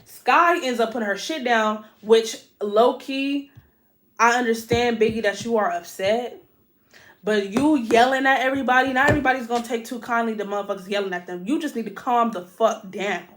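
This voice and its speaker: A woman hosting a podcast, recapping a reality show in a casual, profane, animated way and talking straight to listeners. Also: fairly high pitch, moderate pace, slight background noise. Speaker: podcast host.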